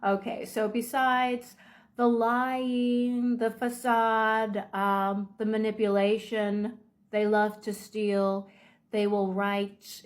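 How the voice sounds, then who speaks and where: A woman talking in a casual advice vlog, unhurried, with frequent ums and restarts. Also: mid-range voice. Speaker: video creator.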